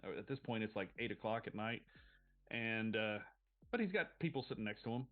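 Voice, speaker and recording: A man's voice: on the low side, lively intonation, a little fast. A man running a tabletop role-playing game as game master, narrating loosely with many fillers. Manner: loose, filler-heavy describing. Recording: tinny phone-like sound, faint music.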